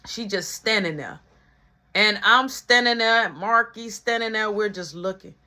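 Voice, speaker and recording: A man's voice: high voice, a little slow. A man telling a funny personal story and acting out each person in it. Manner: animated, acts out every voice. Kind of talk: comedic storytime.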